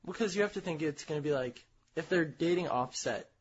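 A man's voice: on the high side, animated, a little fast. A young man co-hosting a casual chat show, teasing and playful in his banter. His voice comes through a dull, muffled lo-fi recording. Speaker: podcast co-host.

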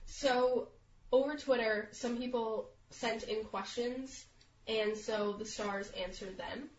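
A young woman co-hosting a casual chat show, sick and talking in a flat monotone with lots of fillers. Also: a little high, slow, slight background noise. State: sick, congested. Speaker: podcast co-host. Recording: dull, roomy lo-fi recording.

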